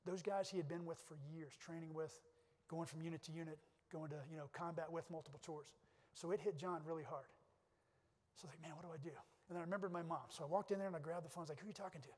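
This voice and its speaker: A man's voice: a little high, fairly even intonation, fast. A middle-aged man giving a keynote speech at a conference, telling personal stories in an earnest way with many restarts. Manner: earnest storytelling with repeated restarts. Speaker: keynote speaker. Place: conference hall. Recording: long hall reverb.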